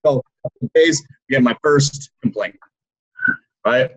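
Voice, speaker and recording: Energetic male business coach on a video call, loud storyteller with a habit of checking in. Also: mid-range voice, a little slow, poor audio. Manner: energetic storytelling with many "right?" and "okay?"; loud and animated, by his own account. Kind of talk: motivational talk on a video call.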